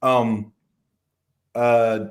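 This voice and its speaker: A man's voice: medium pitch, little pitch movement, extremely slow. A man from the American South, a podcast interview guest, talking at length in a frustrated way and acting out the questions he was asked. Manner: frustrated, long-winded, acts out quoted questions.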